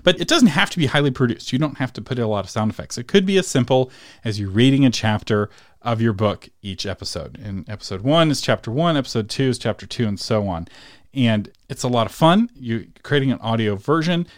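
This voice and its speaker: Male solo podcast host, casual and chatty, average pitch, dry studio sound. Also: no echo. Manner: casual, chatty, laughs between points.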